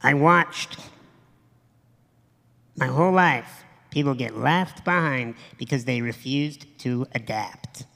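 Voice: medium pitch, slow pace, vocal fry, long pauses, fairly bright tone, in a large hall. A motivational speaker giving a live stage talk to an audience, blunt and profane, emphatic, acting out quoted voices.

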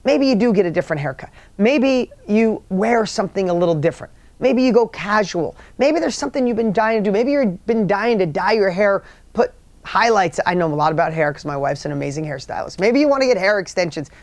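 A man's voice: high voice, expressive, fairly quick, dry recording. A middle-aged man giving a motivational talk, earnest and rambling, often restarting his sentences. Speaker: motivational speaker.

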